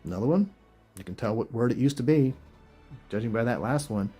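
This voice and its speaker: A man's voice: medium pitch, lively intonation, brisk, dark tone, husky, faint music behind. A man hosting a video, reading verses aloud and reacting with incredulous, chuckling rhetorical questions in casual commentary. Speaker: video host.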